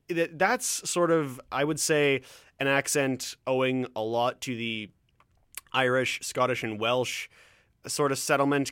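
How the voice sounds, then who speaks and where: A man's voice: mid-range voice, fairly bright tone, no room sound, studio quality. A Canadian man from Ontario hosting a solo podcast, rambling through tangents with frequent restarts and a slight stammer. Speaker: podcast host. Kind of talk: casual solo podcast chat.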